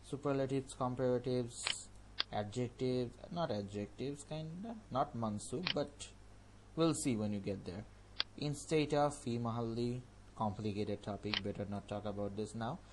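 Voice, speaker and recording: A man's voice: mid-range voice, a little slow, noisy background. A man teaching an online language course, previewing upcoming lessons in an informal, chatty way and thinking aloud as he goes. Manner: informal and chatty, talks a topic through out loud.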